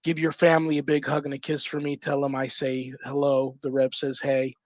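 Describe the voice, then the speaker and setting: A man's voice: medium pitch, completely flat delivery, a little fast, darkish tone, no room sound. A man hosting a talk show, saying affectionate goodbyes to his guests one by one. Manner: effusive, affectionate. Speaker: show host. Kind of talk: casual sign-off chat with guests. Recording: dull lo-fi sound.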